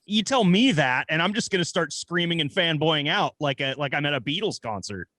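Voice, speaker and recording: Man, podcast host, higher voice, dry room, enthusiastic, casual. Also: animated, a little fast, bright, forceful tone, no echo. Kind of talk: casual interview chat.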